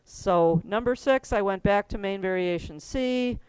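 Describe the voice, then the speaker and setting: A woman's voice: mid-range voice, slow, darkish tone, clean tone, no room sound. A middle-aged woman teaching a keyboard class, giving step-by-step instructions in a chatty way and laughing often.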